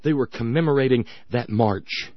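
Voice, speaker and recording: A man's voice: mid-range voice, normal speed, no room sound, muffled recording. A man hosting a radio talk show, giving sarcastic, emphatic commentary with frequent restarts.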